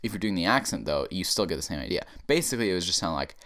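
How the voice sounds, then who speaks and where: A man rambling through a profane comedic rant, drifting from mumbled asides to loud, emphatic bursts. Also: low voice, lively intonation, very fast, hardly any pauses. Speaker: podcast comedian.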